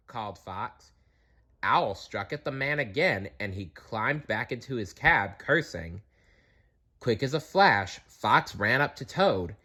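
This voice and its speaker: Slow, lively male storyteller. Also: on the low side. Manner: slow, expressive reading with small self-corrections. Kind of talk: children's story read-aloud.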